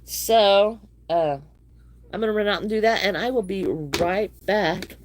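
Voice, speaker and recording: Slow-talking wheezy woman livestreaming crochet. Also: mid-range voice, slight background noise. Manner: chatty, greets viewers while crocheting. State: wheezy from allergies, coughing. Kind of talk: casual livestream chat.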